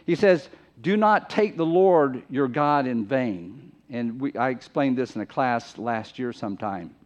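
A man's voice: mid-range voice, lively intonation, unhurried. A man preaching a sermon in an emphatic, conversational way, often repeating phrases for stress. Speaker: pastor. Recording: muffled lo-fi recording.

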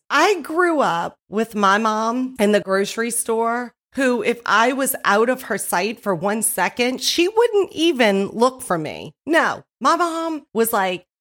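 A woman telling a story in a casual monologue, loud and animated, often laughing as she talks. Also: fairly high pitch.

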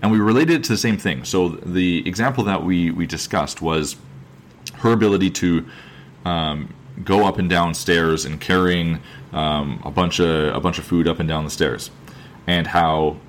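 A man with a very low voice speaks on his own podcast in his thirties. He sounds earnest and reflective, circling back over his phrases and slowing down to stress his points. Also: slight background noise. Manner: earnest and thoughtful, repeats phrases and restarts, slows down to stress points. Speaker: podcast host, fitness coach. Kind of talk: reflective solo podcast monologue.

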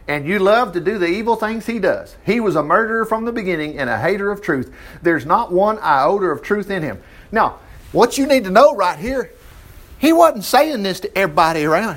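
A man preaching a sermon, reading scripture and commenting with animated exclamations. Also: high-pitched. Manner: animated, exclaiming and chuckling between verses. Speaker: preacher teaching from the Bible.

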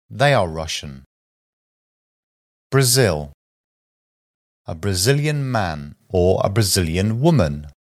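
Slow, deep-voiced man reading vocabulary. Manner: slow, deliberate enunciation of single words and short sentences. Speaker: language teacher.

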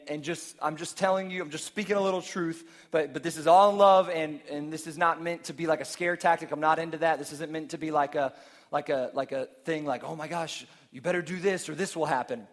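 A high-pitched man preaching to a congregation. He talks loosely and conversationally, doubling words as he pushes his point. His voice rings out with a long reverb tail from the hall. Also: a bit bright. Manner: conversational, repeats words when stressing a point. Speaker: pastor. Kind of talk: sermon.

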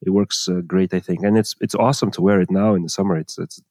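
A man co-hosting a podcast, talking casually in a measured, unhurried way. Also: low voice, fairly even intonation, darkish tone, no echo, clean studio sound. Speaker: podcast co-host. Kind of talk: casual chat.

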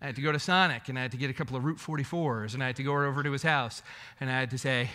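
A man preaching a sermon as pastor, telling a story with animated swings between loud bursts and hushed asides. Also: medium pitch, very fast. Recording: echoey hall reverb.

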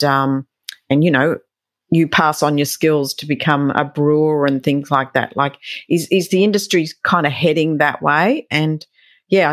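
Woman, low voice, dry close sound, interviewer, rambling questions. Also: dry recording. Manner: long rambling questions with fillers.

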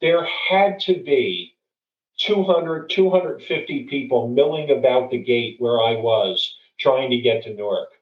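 A man's voice: mid-range voice, unhurried. A middle-aged man speaking as a guest, telling a story and giving advice in an earnest way, often restarting and repeating words. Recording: dull, distant, roomy recording.

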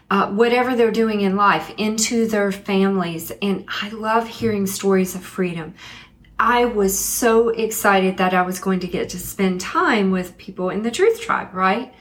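Middle-aged woman, spiritual teacher, earnest storyteller who slows down for emphasis, mid-pitched voice. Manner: earnest, slows down to stress key points. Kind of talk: personal storytelling monologue.

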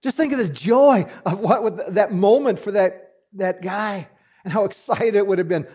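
A man preaching a sermon as pastor. He speaks earnestly, swings between loud emphasis and hushed tones, and often repeats a word as he restarts. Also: sits high, moderate pace, slightly rough. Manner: restarts with doubled words. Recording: dull lo-fi recording.

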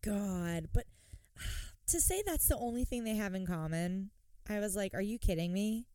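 A woman's voice: medium pitch, measured pace, clean tone, no echo. Chatty, swearing woman podcaster. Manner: chatty, swears freely, animated retellings. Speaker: podcast co-host. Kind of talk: casual chat recapping a TV show.

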